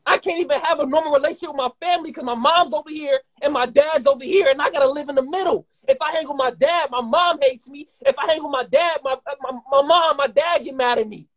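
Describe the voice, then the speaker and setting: A man in his twenties talking heatedly and rapidly as a guest in a live conversation, swearing often and rambling. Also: very high voice, a bit bright. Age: 20s. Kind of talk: emotional live-stream conversation.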